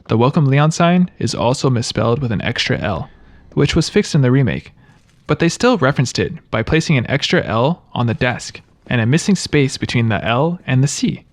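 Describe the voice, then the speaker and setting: A man's voice: medium pitch, dry recording. A man giving scripted video-game trivia narration, with wry, joking asides.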